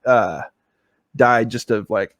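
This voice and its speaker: A man's voice: mid-range voice, takes it slowly, fairly bright tone, no echo. Male podcast co-host, casual rambling storyteller, dry close-miked sound. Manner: rambling, with many fillers and restarts.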